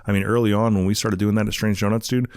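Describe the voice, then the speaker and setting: A man's voice: on the low side, little pitch movement, fast talker, darkish tone, smooth, no echo, studio quality. A man speaking as a podcast guest, laid-back and slangy, often calling the host "dude". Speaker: guest, donut shop owner. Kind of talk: casual interview chat.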